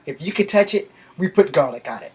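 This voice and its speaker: A man in a casual vlog, telling a rambling personal story and swearing freely. His voice sits a little high for a man, and he tells the story loosely. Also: animated, a little fast, breathy edge. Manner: profane and rambling. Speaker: vlogger.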